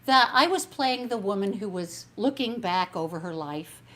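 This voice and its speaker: A woman's voice: mid-range voice, expressive, moderate pace, a bit bright. A woman singer hosting her own concert, chatting casually and a little meanderingly between songs, thanking viewers as she goes. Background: piano music.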